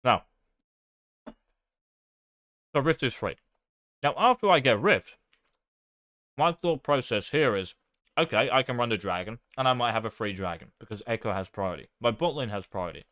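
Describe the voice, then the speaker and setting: A man's voice: medium pitch, expressive, brisk, fairly bright tone, dry recording, studio quality. A man casually commenting on his own gameplay as a coach, swearing now and then and making fun of himself. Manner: swears casually, self-deprecating. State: talking with his mouth full.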